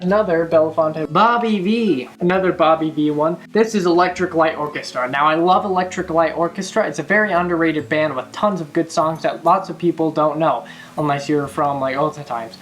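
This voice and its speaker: Woman, young adult, vlogger, casual chat, low pitch, sings snippets. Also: normal speed. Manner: chatty, breaks into snippets of song.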